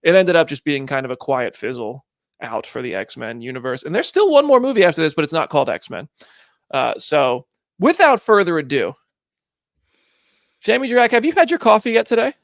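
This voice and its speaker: A man hosts a casual podcast in an upbeat, easygoing way. His voice sits a little high and has a gravelly fry. The recording is dry and close. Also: sing-song, brisk, no echo. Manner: upbeat, introduces the segment. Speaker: podcast host.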